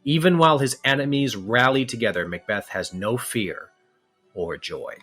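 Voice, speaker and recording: A man teaching in a podcast lecture, explaining step by step and often pausing with fillers and correcting himself. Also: medium pitch, fairly bright tone, husky, faint music behind.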